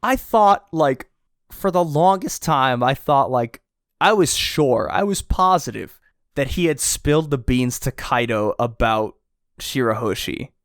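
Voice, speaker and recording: A man's voice: medium pitch, measured pace, no room sound. Podcast guy geeking out, laughs a lot, voice swoops around, dry mic. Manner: excitable, laughs a lot, acts out quotes. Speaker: podcast co-host. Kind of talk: casual chat reviewing a chapter.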